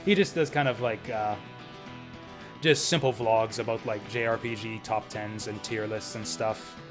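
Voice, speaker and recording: A man's voice: lowish voice, steady tone, normal speed, music in the background. A young man streaming a game and chatting casually, laughing and using lots of filler words. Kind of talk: casual gameplay commentary.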